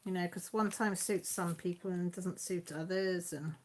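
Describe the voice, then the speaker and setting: A woman's voice: fairly low pitch, fairly even intonation, normal speed, slight background noise. Chatty West Coast woman streamer. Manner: chatty, rambling asides to viewers. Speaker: livestream host. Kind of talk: casual livestream chat.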